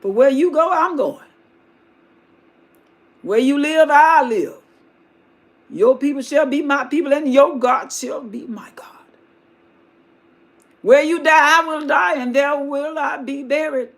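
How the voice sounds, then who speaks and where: A woman's voice: high-pitched, steady tone, normal speed, vocal fry, hardly any pauses, a bit bright, pitched above the performer's own voice. A woman voicing a devoted young widow who vows loyalty in a fervent, emphatic way.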